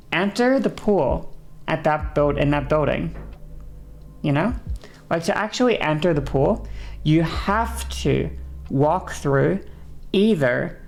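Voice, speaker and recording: Woman streamer, casual chat, deep voice, gravelly fry, faint music behind. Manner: casual, swears, fills talk with "you know".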